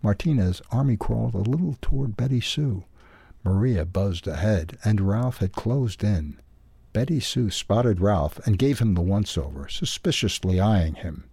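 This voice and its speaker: Low gravelly man reading a story. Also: animated, measured pace, mellow, no room sound. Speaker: newsletter audio reader. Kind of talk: storybook narration.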